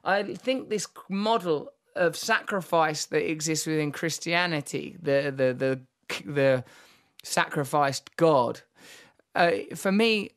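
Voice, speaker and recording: A man with a somewhat high voice hosts a candid podcast conversation. He tells stories vividly and with animation, circling back with fillers and quick restarts. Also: a bit bright. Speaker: podcast host.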